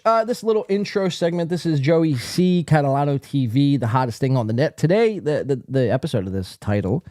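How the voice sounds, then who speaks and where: A man's voice: on the high side, dry recording, studio quality. A male podcast host giving casual, profane, mocking commentary while reading out online posts. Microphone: desk mic, acting up.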